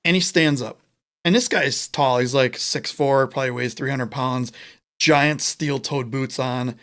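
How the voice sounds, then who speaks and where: A man's voice: medium pitch, a little slow. A man co-hosting a podcast, telling a long joke in casual chat and acting out the characters' lines. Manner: animated storyteller, acts out characters' lines. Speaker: podcast co-host.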